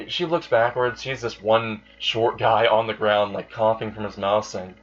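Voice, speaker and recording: A man's voice: lowish voice, steady tone, normal speed. A man improvising a fan story aloud in a rambling way, with fillers and self-corrections, on a dull lo-fi recording. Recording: dull lo-fi sound.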